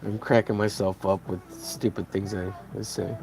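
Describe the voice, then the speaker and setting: A man's voice: fairly low pitch, level tone, normal speed, creaky, darkish tone, a little hiss or hum. A man casually chatting on a livestream while coloring a comic, rambling with many fillers and laughing at his own jokes.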